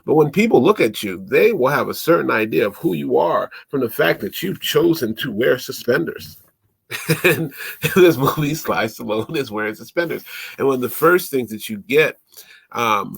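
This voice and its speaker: A man casually recapping an old movie, animated and laughing as he acts out the characters' lines. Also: mid-range voice, gravelly, breathy edge, no room sound. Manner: animated, laughing, acting out quotes in voices. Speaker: podcast host.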